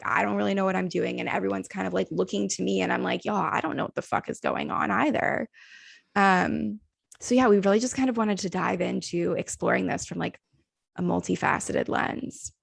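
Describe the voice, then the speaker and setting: A woman's voice: medium pitch, normal speed, gravelly, husky, no room sound, studio quality. A young adult woman co-hosting a podcast in casual chat, a therapist talking candidly, swearing freely and trailing off with "like".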